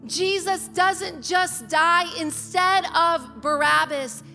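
Bright high-voiced woman preaching. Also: takes it slowly, long reverb tail, faint music behind. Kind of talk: sermon with scripture reading.

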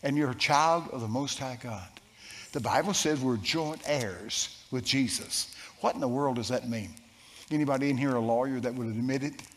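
A man preaching a sermon, telling a story with lively shifts and asking the congregation questions. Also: mid-range voice, normal speed. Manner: storytelling, animated, asks the crowd questions. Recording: long hall reverb.

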